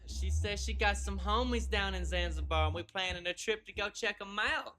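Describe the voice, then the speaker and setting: A man's voice: high voice, normal speed, bright, forceful tone, faint music behind. Playful, profane man hosting a livestream. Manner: playful, profane, laughs often. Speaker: livestream host. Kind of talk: casual livestream chat.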